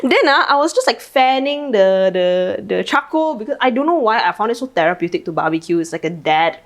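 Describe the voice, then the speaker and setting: A woman's voice: fairly high pitch, expressive, brisk. A young adult woman with a Malaysian English accent, co-hosting a casual podcast and telling stories animatedly, swearing freely and ending phrases with "lah". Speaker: podcast co-host. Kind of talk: casual chat.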